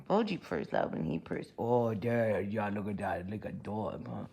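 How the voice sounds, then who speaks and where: A woman's voice: rumbling low, expressive, normal speed, gravelly, dark tone, breathy edge. A woman hosting a casual crafting vlog, chatty and upbeat, calling her crafts cute. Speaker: craft channel host.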